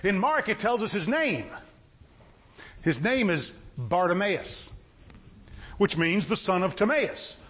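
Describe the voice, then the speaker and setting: A man's voice: sits high, sing-song, slow pace, long pauses, fairly bright tone, breathy edge. A man preaching a sermon in a folksy style, asking his listeners questions again and again. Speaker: pastor.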